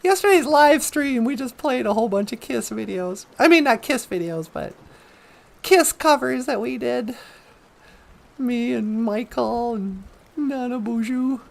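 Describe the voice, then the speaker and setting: A woman's voice: on the high side, animated, unhurried, vocal fry. A woman hosting a comedic talk show, easygoing and playful, taking her time. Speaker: host.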